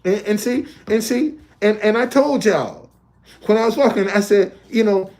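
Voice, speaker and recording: A man's voice: high voice, normal speed, a little mellow. A man talking casually on a livestream from a hotel, looping back and repeating his points. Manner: repetitive, loose conversational, restates points. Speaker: live streamer.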